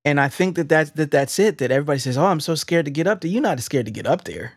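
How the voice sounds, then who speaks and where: A man's voice: fairly high pitch, lively intonation, quick pace, slightly rough, dry recording. A man hosting a faith-based interview podcast in a studio, talking with enthusiastic, preacherly energy and often repeating his words. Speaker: podcast host.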